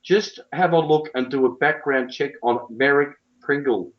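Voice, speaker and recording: A middle-pitched man talks in a blunt, emphatic and colloquial way, a cricket coach giving an interview. The recording sounds a little dull. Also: normal speed.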